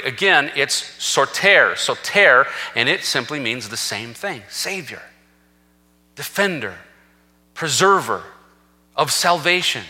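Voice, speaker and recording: A man's voice: a little high, sharp tone. A man preaching a sermon as senior pastor, emphatic and reading scripture aloud with rising force. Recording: reverberant hall.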